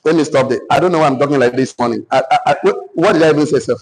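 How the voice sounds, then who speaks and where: A man with a Nigerian accent giving a joking, animated motivational talk to an online business community as coach. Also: fairly high pitch, rapid-fire, poor audio. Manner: animated, joking, mixes Pidgin asides with laughter.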